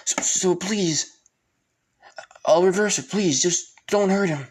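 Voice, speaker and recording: A man's voice: high-pitched, slow pace, breathy edge, voice pushed up, exaggerated voice. A man voicing a frightened younger male mage who stammers and begs for mercy in a fan story. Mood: begging. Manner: stammering, pleading.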